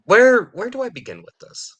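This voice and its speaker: A man co-hosting a casual banter podcast, his voice bright and forceful. He picks apart news items with dry sarcasm and often chuckles between his points. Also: very high voice, very animated, normal speed, husky. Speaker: podcast co-host.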